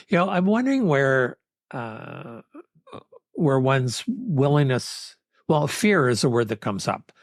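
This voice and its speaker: A male podcast host reflects aloud in a thoughtful, searching way, feeling his way toward each idea. His voice is at a plain middle pitch. The recording is dry and close. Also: big pitch swings, slow pace, no room sound. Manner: thoughtful, musing, searching for words. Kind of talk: reflective interview chat.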